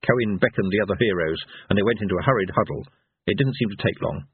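A man narrating a story aloud in an expressive, animated reading, with a tinny, phone-like sound. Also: on the low side, quick pace, slightly rough, dry recording. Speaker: audiobook narrator.

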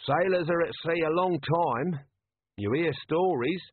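A man's voice: fairly high pitch, a little slow, slightly rough, dry recording, voice pushed up. Man doing a cheeky little corporal. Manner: cheeky, stubborn, coarse. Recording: dry, tinny phone-like sound.

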